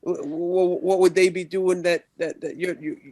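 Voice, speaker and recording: A man voicing a gruff Southern rancher with a put-on Texan drawl, folksy and a bit stumbling. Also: sits high, flat delivery, normal speed, darkish tone, pitched above the performer's own voice, close to an everyday voice. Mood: alarmed.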